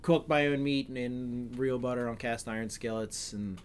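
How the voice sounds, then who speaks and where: A middle-aged man hosts a podcast, rambling casually, correcting himself often and cracking jokes. His voice is medium-pitched and steady, at a normal speed, with a bit of background noise.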